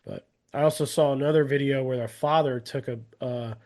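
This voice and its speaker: A man's voice: mid-range voice, fairly even intonation, a little fast, darkish tone. A man co-hosting a casual podcast, easygoing and loose, trailing off into vague estimates. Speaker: podcast co-host.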